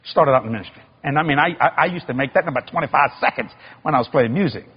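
A man's voice: mid-range voice, rapid-fire, breathy edge. A middle-aged male preacher, telling a folksy, joking story in a sermon. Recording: dull lo-fi recording.

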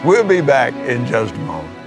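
Over loud music, a man with a medium-pitched voice talks at a moderate pace, hosting a TV show where he chats and preaches testimony-style. His delivery is fervent and exclamatory, breaking into sudden bursts of excitement.

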